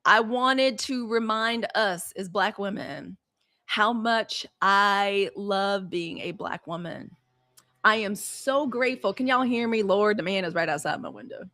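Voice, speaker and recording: A woman's voice: medium pitch, unhurried, bright, forceful tone. A woman, hosting a live news show in a dramatic, testifying way. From Mississippi, US. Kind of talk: casual livestream chat.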